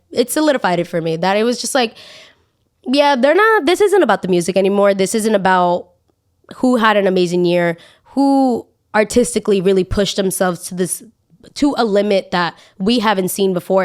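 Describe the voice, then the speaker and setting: A young woman talks on her own podcast in a lively, opinionated rant. She swings between easy chat and sudden high, loud bursts of indignation. Her tone stays casual and direct. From Latina. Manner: animated ranting, jumps up high when outraged. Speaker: podcast host.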